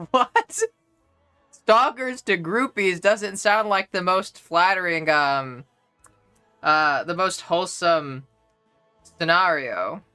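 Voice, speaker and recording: Young streamer, bright sharp voice, playful mock-outraged banter, cusses a lot, mid pitch. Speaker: livestreamer reading chat. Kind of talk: casual live-stream chat.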